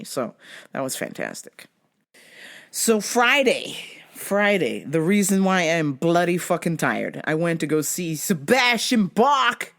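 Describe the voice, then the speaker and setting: A woman hosting a podcast, telling stories in a casual, profane way and acting out what people said. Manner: profane, animated, acts out quotes in a higher voice. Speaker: podcast host. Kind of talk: casual storytelling monologue.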